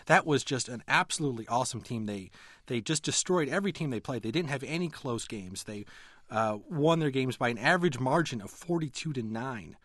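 A man's voice: mid-range voice, animated, a little fast, a bit bright, no echo, studio quality. A man who writes about politics and sports, talking analytically as a radio interview guest and often restarting his sentences. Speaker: magazine editor and writer, guest.

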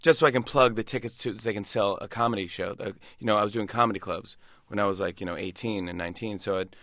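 Animated man telling stories, dry mic. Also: lowish voice, no echo. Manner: animated, quick storyteller with restarts and laughs. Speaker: comedian and talk show host, guest. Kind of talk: casual storytelling interview.

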